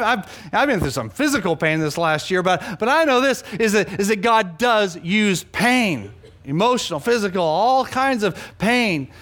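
A man preaching a sermon, animated, swinging between loud emphasis and hushed asides, often repeating words for emphasis. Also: sits high. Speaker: pastor.

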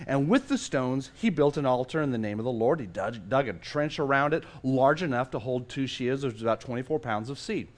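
Animated preacher with a lively, high voice. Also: male voice. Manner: animated storytelling, rising to loud emphatic peaks; asides in a lowered conversational voice. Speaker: pastor. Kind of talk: sermon.

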